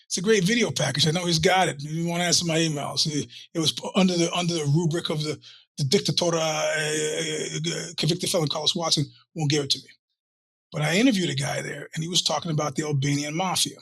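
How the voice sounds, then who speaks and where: A man's voice: fairly high pitch, a little fast, bright, forceful tone, breathy edge, no room sound. A man hosting his own podcast, talking in a rambling, profane, self-interrupting monologue. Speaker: podcast host. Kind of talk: casual monologue.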